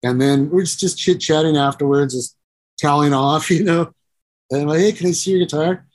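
A middle-aged musician and producer, his voice on the high side and darkish, talks a little fast in a casual storytelling interview. He tells long, rambling, profane stories, acts out the people in them, and keeps saying "you know."

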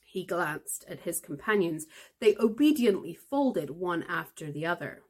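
Woman host, audiobook-style reading for learners, slow pace, animated intonation. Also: fairly low pitch. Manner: expressive, lively storytelling. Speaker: podcast host and reader. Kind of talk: reading a novel aloud for English learners.

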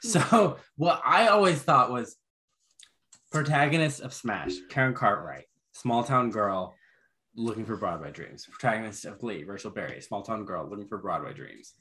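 A man with a fairly low voice that swings widely up and down as he talks. He recaps casually, full of "um" and quick laughs. It sounds like relaxed podcast banter. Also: a little hiss or hum. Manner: animated, laughing recaps with many fillers. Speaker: podcast co-host. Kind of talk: casual chat.

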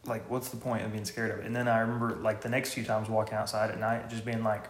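A man telling quick, animated, profane anecdotes in casual chat. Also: lowish voice. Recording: echoey room.

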